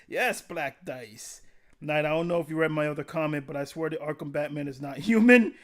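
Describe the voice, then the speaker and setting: A man with a slightly high voice chats casually on a live stream at normal speed, reading chat comments aloud. He swears freely, laughs often, and rambles about games.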